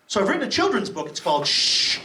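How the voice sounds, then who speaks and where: A man's voice: high voice, huge pitch swings, rapid-fire. A middle-aged man from Massachusetts doing a profane stand-up set, firing off brash crowd work on a comedy club stage. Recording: distant, roomy club recording with loud crowd noise. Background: audience laughing and applauding.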